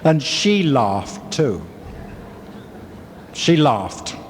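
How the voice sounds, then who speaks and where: An Englishman speaking at a convention tells his recovery story candidly and wryly, very animated yet very slow, at a middle pitch. A long hall reverb, faint room ambience and slight background noise give it the sound of an old convention tape.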